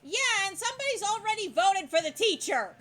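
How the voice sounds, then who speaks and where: A woman's voice: extremely high pitch, sing-song, fairly quick, fairly bright tone, soft background music. A woman giving casual, chatty gameplay commentary, often stopping to correct herself. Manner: chatty, self-correcting, laughs easily. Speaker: let's play host.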